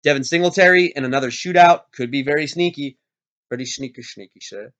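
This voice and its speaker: A man's voice: mid-range voice, fairly quick. Hyped man talking fantasy football, lo-fi. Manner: animated, hyped, self-interrupting. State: recovering from illness, coughing. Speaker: fantasy football league host. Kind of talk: casual fantasy sports talk. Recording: dull lo-fi sound.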